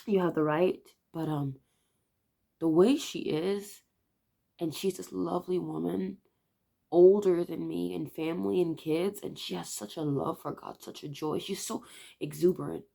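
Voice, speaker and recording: A woman in her twenties, on the verge of tears, telling a halting, soft-spoken confession to camera in a vlog. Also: sits low, creaky. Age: 20s. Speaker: vlogger.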